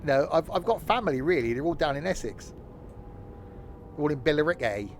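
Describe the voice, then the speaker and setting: A man's voice: on the high side, expressive, a little fast, a little hiss or hum. A man chatting casually as a gaming streamer while he plays a train simulator, joking at his own expense and laughing often. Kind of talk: casual chat while playing a train sim.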